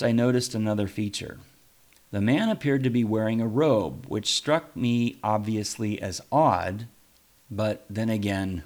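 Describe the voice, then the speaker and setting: A man, a pastor, reading his own first-person story aloud in a reflective, wry way. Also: lowish voice.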